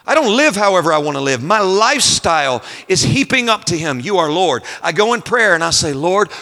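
A man preaching a sermon at a conference, moving between quiet scripture reading and loud, emphatic storytelling. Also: sits high. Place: large conference hall. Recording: long hall reverb.

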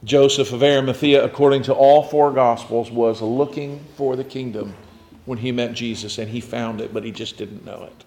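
A man preaching a sermon, retelling scripture in a reflective storytelling way, often dropping to a near hush. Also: medium pitch, fairly even intonation, normal speed, slight background noise.

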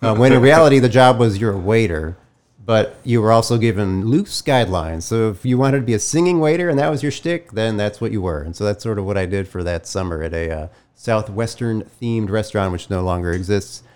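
A man with a fairly low voice co-hosts a casual podcast. He talks in a playful, jokey way, full of ironic asides. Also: animated, brisk, a little mellow. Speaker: podcast co-host. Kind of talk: casual comedic chat.

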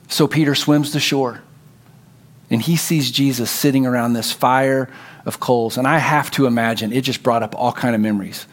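Man preaching with dramatic hushed drops. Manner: storytelling, acts out dialogue, drops to a low hush for emphasis. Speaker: pastor. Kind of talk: sermon.

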